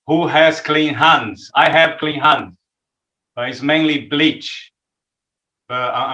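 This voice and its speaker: A man's voice: medium pitch, a bit bright, echoey room, dull audio. A man with a non-native English accent, giving a chatty, joking update to his church. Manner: chatty, self-deprecating humor. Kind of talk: casual livestream talk.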